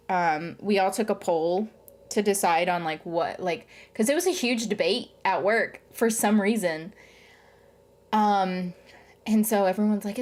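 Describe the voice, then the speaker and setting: A young adult woman chatting casually to camera as a vlogger, rambling with lots of "um" and "like" and retelling things animatedly. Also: medium pitch.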